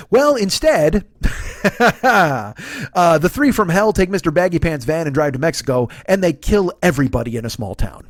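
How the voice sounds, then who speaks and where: Animated and fairly quick, a middle-aged man with a medium-pitched voice hosts a podcast, sarcastically tearing into a movie. He swears a lot and acts out the characters' lines, and the studio sound is clean with no room sound.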